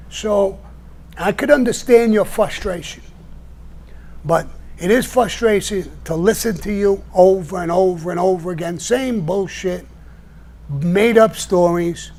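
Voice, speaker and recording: A man's voice: sits high, a little mellow. Blunt, profane older New man. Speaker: show host answering viewers. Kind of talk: live-stream rant.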